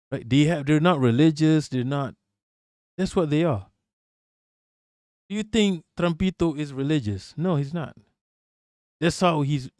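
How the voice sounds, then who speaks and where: A man's voice: a little high, darkish tone, no echo, clean studio sound. Blunt, profane man ranting on stream. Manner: emphatic, repetitive, profane, with frequent restarts and rhetorical questions. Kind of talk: casual livestream rant.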